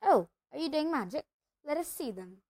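A woman's voice: high voice, expressive, darkish tone, voice pushed up, poor audio. A woman doing a bossy know-it-all schoolgirl. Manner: quick, bossy and self-assured. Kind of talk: storybook read-aloud.

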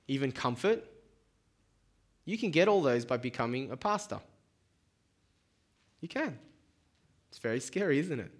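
A man who is a pastor, leading an earnest altar-call prayer at a church service and often repeating words as he speaks. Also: mid-range voice.

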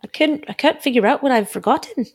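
A woman's voice: sits high, lively intonation, fast talker, breathy edge. A woman co-hosting a casual podcast, playful and gushing with affection. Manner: warm-hearted, gushing, playful. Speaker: podcast co-host.

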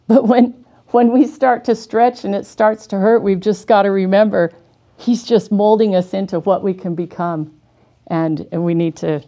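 Brief: middle-aged woman, devotional talk, earnest storyteller, warm mellow tone. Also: medium pitch. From Washington state, USA. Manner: earnest and conversational, with small restarts. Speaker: speaker giving a devotional talk.

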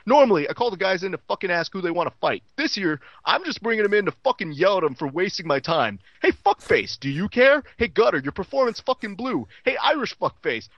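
A man's voice: high-pitched, no room sound, pitched above the performer's own voice, heavily acted. A man voicing a furious, foul-mouthed middle-aged fight promoter who berates his fighters, on dull lo-fi audio. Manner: yelling, profane, berating.

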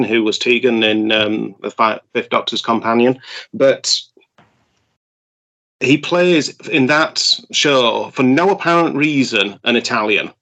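A man's voice: medium pitch, sharp tone, rough recording. A man co-hosting a podcast, giving enthusiastic, opinionated takes and often stumbling over his words. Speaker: podcast co-host. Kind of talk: casual podcast chat.

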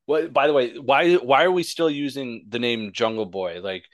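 A man's voice: mid-range voice, normal speed, no room sound. A man co-hosting a casual wrestling podcast, ranting sarcastically and swearing constantly. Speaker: podcast co-host.

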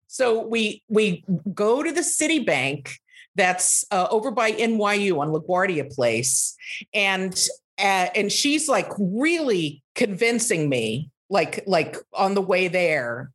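Animated woman telling a rambling story. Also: mid-range voice, slow. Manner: rambling, with many fillers and restarts; animated, acting out quotes. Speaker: comedy podcast guest. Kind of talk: casual storytelling anecdote.

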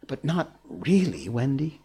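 A man's voice: mid-range voice, big pitch swings, takes it slowly, creaky, mellow, breathy edge, pitched above the performer's own voice, exaggerated voice. A man reading aloud, raising his voice to play an earnest, puzzled young boy. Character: boy Peter, puzzled and boyish.

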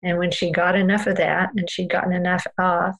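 Woman guest, low gravelly voice, flat, earnest storyteller. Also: a little fast, poor audio. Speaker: parenting guest expert. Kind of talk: storytelling in a podcast conversation.

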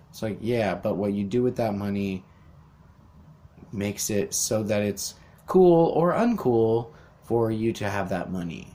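This young podcaster's rant wanders and is laced with swearing, sarcasm, and mock impressions. He speaks unhurriedly in a lowish, warm voice with lively intonation.

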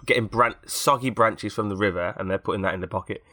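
Bright-voiced man with a cold. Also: fairly low pitch, quick pace, no echo, studio quality. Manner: rambling, jokey banter. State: has a cold. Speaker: podcast host. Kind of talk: casual chat.

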